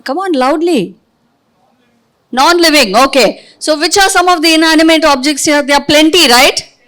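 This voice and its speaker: Leading a workshop in a training room with a live audience, a high-voiced woman from India speaks through a podium microphone. Her intonation is lively and a bit bright, and her style is directive as she quizzes attendees with rapid questions during this interactive session.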